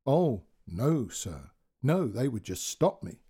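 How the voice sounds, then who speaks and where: An earnest young boy in a storybook, as a man puts him on, polite and sincere. The voice is mellow and slightly husky, with lively intonation. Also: mid-range voice, slow pace, full character voice.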